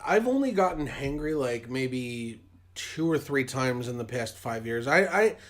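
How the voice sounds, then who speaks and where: A man in casual podcast chat, halting and stumbling at the start of his thoughts, swearing freely. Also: medium pitch, animated.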